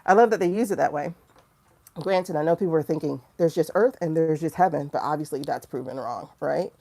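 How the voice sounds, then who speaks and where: A woman hosting a livestream in casual talk, blunt and animated, laughing often. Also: deep voice, a little fast, vocal fry. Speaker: livestream host.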